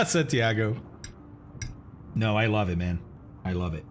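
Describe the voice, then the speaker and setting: A man live-streaming a flight simulator, chatting casually with viewers and explaining instrument approaches while eating, often clearing his throat. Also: sits low, fairly even intonation, fairly quick, slight background noise. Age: adult, has kids.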